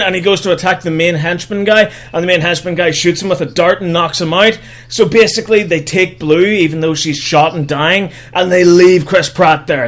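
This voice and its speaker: A man's voice: high-pitched, normal speed, a bit bright. A young man hosting a podcast, giving a sarcastic, profane comedic recap of a film and slipping into mock voices for the characters. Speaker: podcast host.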